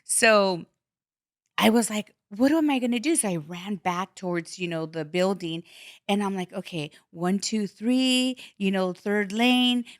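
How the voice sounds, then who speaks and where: A woman, hosting a podcast and telling stories in a casual, animated way, jumping up in pitch when she acts out her own panic. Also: takes it slowly, dry recording, clean studio sound. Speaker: podcast host. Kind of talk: casual chat.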